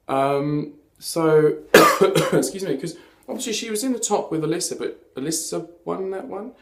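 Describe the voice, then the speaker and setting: A man's voice: on the high side, unhurried, gravelly, fairly bright tone. A man hosting a casual TV recap chat, camp and chatty, full of sassy asides. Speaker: host of a TV recap show. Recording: echoey room.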